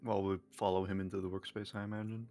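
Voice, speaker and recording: Male player, deep voice, casual, narrating his character's actions. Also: flat delivery, fast talker, dark tone, faint music behind.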